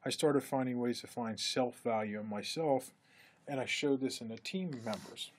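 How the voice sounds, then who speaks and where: A man lecturing in a relaxed, conversational way, acting out quoted remarks with a lifted voice. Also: moderate pace. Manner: conversational, acts out quoted speech with lifted pitch. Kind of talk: recorded lecture.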